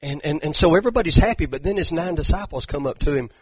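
A man with a husky, somewhat high voice preaches quickly, retelling stories in an animated, dramatic way. He repeats words a lot, especially "and," and uses the southern "y'all." There's no echo, but the lo-fi recording sounds dull.

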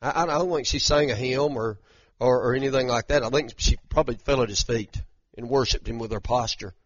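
A man's voice: mid-range voice, fairly quick, husky, no echo, lo-fi sound. A man preaching a sermon in a conversational way, often restarting and repeating words as he talks straight to the congregation. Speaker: pastor.

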